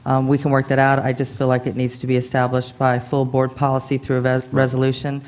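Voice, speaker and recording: A hoarse general manager presents a budget report at a public board meeting while feeling unwell. The delivery is chatty and informal, full of fillers and friendly asides, on a flat, even pitch that stays in a mid register. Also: quick pace.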